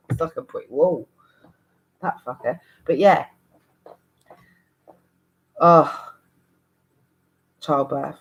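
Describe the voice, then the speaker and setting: Speaking candidly to the camera, this thirty-something woman vlogger meanders, curses and keeps starting over. Her voice is lowish, heard through a rough recording.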